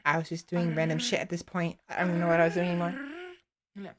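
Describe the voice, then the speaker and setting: A woman's voice: fairly low pitch, level tone, very fast, background noise. A young woman streamer chatting casually, rambling with many fillers and restarts while playing around with her voice. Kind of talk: casual chat.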